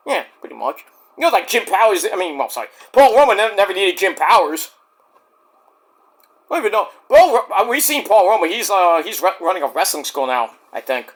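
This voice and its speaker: A man's voice: sits high, big pitch swings, fairly quick. A man reviewing a wrestling show in casual, rambling, profane chat. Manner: rambling, profane, many fillers.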